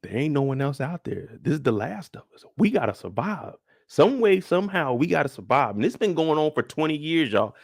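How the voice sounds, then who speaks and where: A man's voice: fairly high pitch, sing-song, fairly quick, creaky, few pauses, no echo, clean studio sound. A man in his thirties hosting a live stream, chatting loosely in slang and greeting viewers by name. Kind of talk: casual live-stream review chat.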